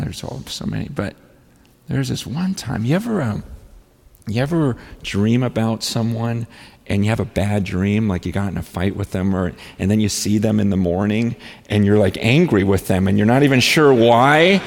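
A man preaching as a pastor, telling stories in an animated way with frequent restarts and stammers. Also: lowish voice, moderate pace, creaky, in a large hall. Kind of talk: storytelling sermon.

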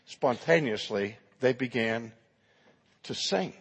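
Husky-voiced preacher in a reverberant hall. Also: male voice, mid-range voice, expressive, slow pace. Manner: dramatic, emphatic storytelling. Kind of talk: sermon with storytelling.

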